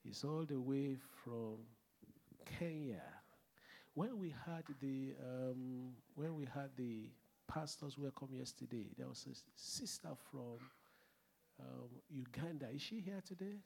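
A man's voice: mid-range voice, a little slow, vocal fry, a little mellow, slight background noise. A man preaching and hosting in a church sanctuary, fervent and conversational as he introduces a guest. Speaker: host pastor.

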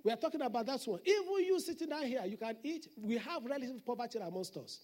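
High-voiced man preaching emphatically. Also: expressive, quick pace, a little mellow. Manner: emphatic preaching with repeated declarations. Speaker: senior pastor. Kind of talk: Sunday sermon.

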